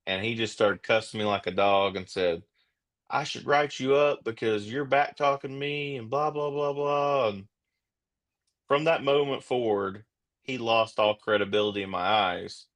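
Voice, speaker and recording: A middle-aged man, a former police officer, speaking as a guest in a steady, plain-spoken, reflective way. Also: fairly low pitch. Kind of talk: casual interview chat.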